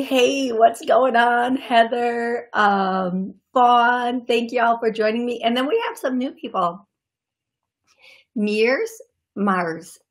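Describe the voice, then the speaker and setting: A woman's voice: mid-range voice, fairly bright tone. Chatty woman hosting a call-in show. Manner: chatty and friendly, greets viewers by name; speaks in short bursts with frequent fillers and restarts. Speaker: psychic medium host of a call-in show. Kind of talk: casual live-show chat.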